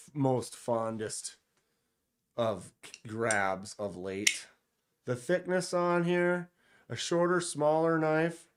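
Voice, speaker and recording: A man hosting a casual live stream, joking around and talking straight to his chat with quick exclamations. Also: medium pitch, slight background noise. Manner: playful, joking, talks to chat directly; exclaims short interjections. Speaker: livestream host.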